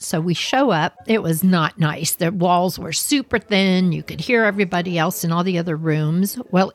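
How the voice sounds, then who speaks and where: A middle-aged woman, telling stories casually, animated and laughing as she acts out voices. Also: fairly low pitch, slight background noise. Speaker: storyteller host. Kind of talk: casual spoken storytelling.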